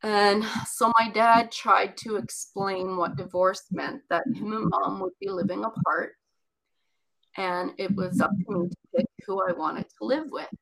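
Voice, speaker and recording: Woman, personal storytelling, gravelly vocal fry, chatty, rambling asides. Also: mid-range voice, fairly even intonation, measured pace, fairly bright tone, low-quality recording.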